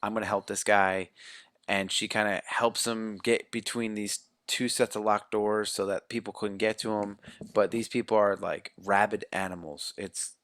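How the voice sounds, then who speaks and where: A man's voice: fairly low pitch, fairly even intonation, moderate pace, a bit bright, dry recording. A man co-hosting a casual movie review podcast, rambling and searching for words, with the odd swear. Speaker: podcast co-host.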